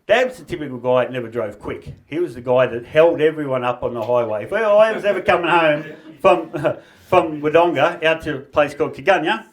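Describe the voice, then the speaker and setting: A man's voice: a little high, brisk, hardly any pauses. Laughing Australian man telling yarns. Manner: rambling anecdotal storytelling, laughing at his own jokes. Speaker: stand-up comedian. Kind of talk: stand-up comedy set. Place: backyard shed gig with a small live audience.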